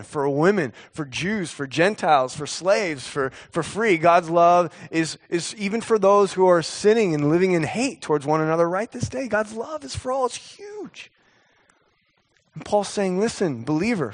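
Man, thirties, pastor preaching; earnest, repetitive emphasis, a touch high-pitched. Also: a bit bright. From United States. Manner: earnest, building to emphatic repetitions, with drawn-out pauses. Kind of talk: sermon.

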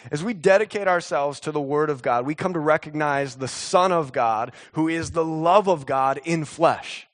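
Man, thirties, pastor preaching; earnest, repetitive emphasis, a touch high-pitched. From United States. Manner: earnest, building to emphatic repetitions, with drawn-out pauses. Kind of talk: sermon.

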